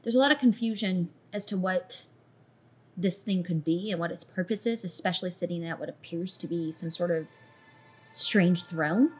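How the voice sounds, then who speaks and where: Lower-voiced woman narrating as dungeon master. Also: moderate pace. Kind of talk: narrating a tabletop game.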